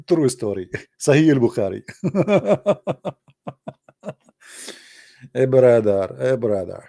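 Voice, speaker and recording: A man's voice: mid-range voice, vocal fry, dark tone, no room sound, clean studio sound. A man from the Arab world giving casual joking commentary with teasing asides. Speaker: vlogger.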